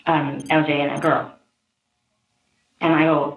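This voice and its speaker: Animated woman with a fast, pressured voice, low pitch, tinny echoey room audio. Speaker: interviewee. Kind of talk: police interview.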